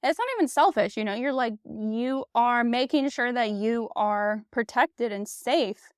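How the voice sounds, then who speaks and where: An American woman in her thirties hosts her own podcast, speaking on the high side and a little slowly in a clean tone. She's candid and blunt in this casual solo monologue, swearing freely and peppering her talk with "like" and "you know." The close-mic recording is dry.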